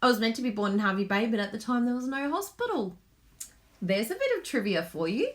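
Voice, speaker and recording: A woman's voice: fairly high pitch, big pitch swings, a little fast. A woman from Queensland with an Australian accent, chatting casually as a craft host, bubbly and laughing often. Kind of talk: casual live chat.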